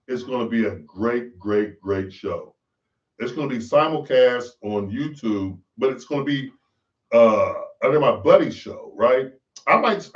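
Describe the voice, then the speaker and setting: A man hosting a podcast, delivering a profane, preachy ranting monologue. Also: mid-range voice. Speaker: podcast host. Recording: roomy, distant, dull lo-fi sound.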